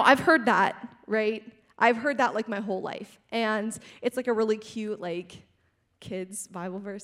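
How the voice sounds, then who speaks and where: A young woman giving a casual sermon, chatty and animated, with frequent asides to the audience and lots of "like". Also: fairly high pitch.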